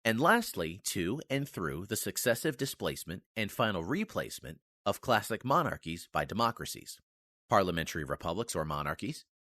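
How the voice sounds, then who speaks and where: A man reads a nonfiction history text in a formal, measured way and leans hard on key words. His voice sits at an ordinary middle pitch but swings up and down a lot. The sound is close and dry, with no room around it. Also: fairly bright tone, no room sound. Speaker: reader of a history book.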